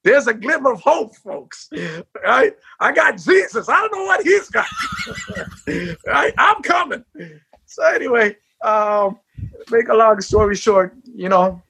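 A man, a former sprinter, telling his life story in an interview, acting out quotes and shouting at the peaks. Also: extremely high pitch, sing-song, unhurried, gravelly, breathy edge.

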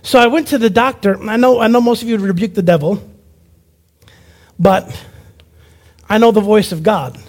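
Brief: man with a very high voice, preacher giving a lively testimony, acts out the voices in his story. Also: normal speed, long pauses. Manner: animated storyteller who acts out quoted voices. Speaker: preacher and evangelist. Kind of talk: personal testimony sermon.

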